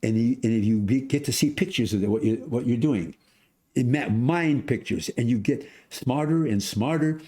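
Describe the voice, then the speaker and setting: Centenarian male guest, lively storyteller, mid-pitched, plays the other people's lines. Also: moderate pace. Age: 100s. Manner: animated storyteller, acts out voices, many restarts. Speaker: podcast guest. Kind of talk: storytelling in casual conversation.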